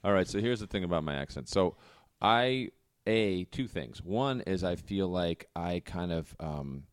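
A man's voice: low voice, animated, unhurried, no echo, clean studio sound. A man from Vermont with a light Vermont accent, hosting a casual chat and rambling through jokey, self-correcting stories. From Vermont, USA.

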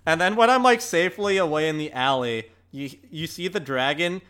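Giggly high-voiced male player. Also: a little fast, clean tone. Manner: giggly, animated storytelling. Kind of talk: casual tabletop game chat.

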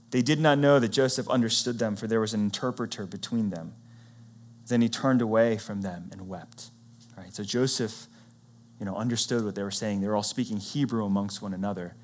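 A man preaching, retelling a Bible story in a conversational, animated way and acting out what the characters say. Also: lowish voice, a little fast. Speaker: pastor.

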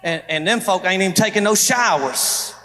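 A pastor preaching a fervent sermon in a church, repeating phrases and quoting people in dialogue. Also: male voice, high-pitched, animated, moderate pace, bright, forceful tone. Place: church sanctuary. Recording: echoey church hall.

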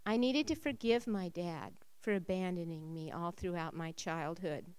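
A woman sharing a personal faith testimony. Her voice rises when she gets excited and drops low when she turns reflective. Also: moderate pace, clear, resonant tone. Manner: emotional storytelling, rising when excited and dropping low when reflective.

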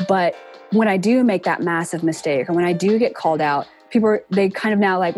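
A woman in her forties, a guest in a casual interview, talking earnestly and reflectively and acting out quoted speech with lively pitch jumps. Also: a little fast, faint music behind. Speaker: interview guest, entertainment production professional.

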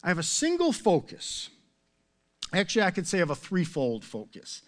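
A man's voice: high-pitched, huge pitch swings, normal speed. A middle-aged man preaching a sermon as pastor, conversational and full of rhetorical questions and self-mocking humor.

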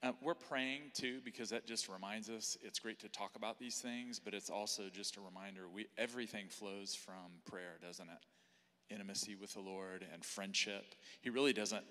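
A low-voiced pastor leads the service in a jovial, teasing way. His voice is deep but bright in tone. It carries through a big church hall with a long echo. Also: steady tone, moderate pace. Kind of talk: sermon.

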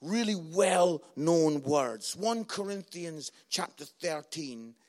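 A man's voice: on the high side, slow pace. A middle-aged Scottish man preaching as a guest speaker, telling humorous family stories and acting out the raised voices in them. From Scotland. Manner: animated, acts out family quarrels in raised voices. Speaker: visiting preacher. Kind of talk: humorous sermon storytelling.

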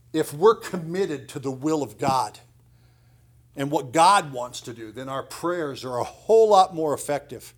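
A middle-aged pastor preaching a sermon in a conversational way, with lively asides and emphasis. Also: male voice, fairly high pitch.

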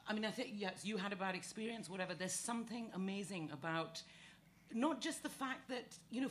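A woman on a comedy panel, telling a story quickly and acting out the voices of the people in it. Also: medium pitch, a little hiss or hum. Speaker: panel guest.

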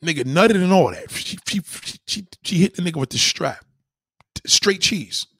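A man casually telling a profane story to his followers, animated and slangy, often asking "you know what I mean". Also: high-pitched, moderate pace, husky.

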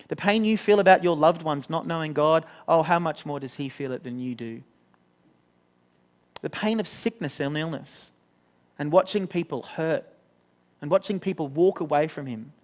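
A young man giving a sermon in an earnest, conversational way, often restarting his sentences. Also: on the high side. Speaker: pastor.

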